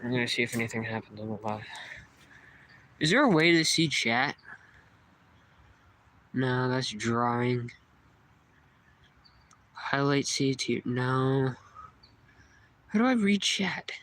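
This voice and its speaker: A man's voice: medium pitch, expressive, slow, pauses often, fairly bright tone. A young man vlogging a live stream outdoors in the woods by the water, talking casually, swearing a lot and startled by sounds.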